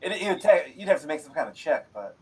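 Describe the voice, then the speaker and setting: Male game master, husky voice, loose and profane, chuckles through his narration of a live tabletop session. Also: a little high, big pitch swings, fast, a little mellow, low-quality recording. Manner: casual, laughs often, swears freely. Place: streamed online game session.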